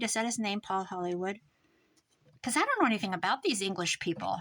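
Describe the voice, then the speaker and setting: A woman talking casually and rambling off topic as she works on a craft project, her voice trailing off quieter at times. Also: medium pitch, sing-song, a little fast. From American Midwest. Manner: rambling, thinks aloud while working, drifts quieter. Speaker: craft vlogger. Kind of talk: chatty crafting monologue.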